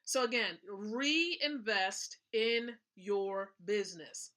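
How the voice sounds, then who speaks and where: A woman's voice: mid-range voice, animated, drawn-out words, bright, forceful tone. A woman hosting a live stream, giving a motivational business talk in an emphatic way, repeating her points and checking in with her listeners. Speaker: livestream host.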